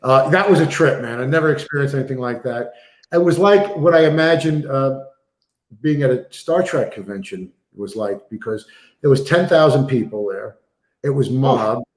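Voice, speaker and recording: A man's voice: mid-range voice, normal speed, roomy sound. A man, an actor guest telling stories in a casual interview with lots of fillers. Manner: animated storyteller, many fillers. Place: remote video call.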